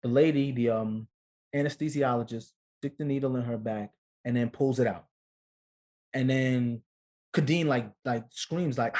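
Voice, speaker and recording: A man in his thirties tells a story as a guest in a relaxed interview. His delivery is lively and casual, and he acts out the voices of the people in it. His pitch sits in the middle range for a man. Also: normal speed. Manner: animated storyteller, acts out quotes. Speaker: guest, actor and father.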